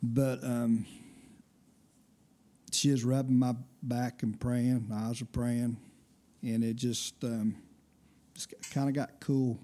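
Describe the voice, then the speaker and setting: A man sharing a personal healing testimony as a guest, speaking in a halting, casual way. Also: mid-range voice, level tone, warm tone. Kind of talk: casual storytelling.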